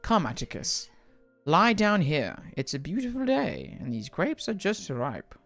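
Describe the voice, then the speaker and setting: A streamer reading aloud a game's gentle woman who coaxes a child to rest, in a soft, unhurried way. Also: mid-range voice, wildly swooping pitch, soft background music, heavily acted. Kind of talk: reading game dialogue aloud.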